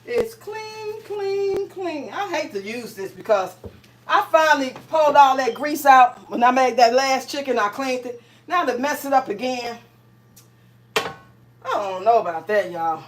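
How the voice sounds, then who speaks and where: Woman livestream host, high-pitched, talkative and laughing, cooking as she chats with viewers. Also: normal speed, noisy background. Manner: chatty, laughs often, reads out viewer comments. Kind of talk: casual livestream chat while cooking.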